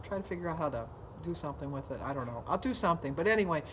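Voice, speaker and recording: A woman chats straight to her viewers in a loose, rambling vlog style, drifting from one thought to the next. Her voice sits a little low for a woman. A faint noise runs under the recording. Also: lively intonation, racing. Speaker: vlogger. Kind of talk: casual vlog chat.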